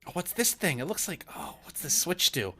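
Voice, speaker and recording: A woman voicing a giddy, wide-eyed young boy who is eager and full of excited questions. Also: on the low side, a little fast, voice pushed up.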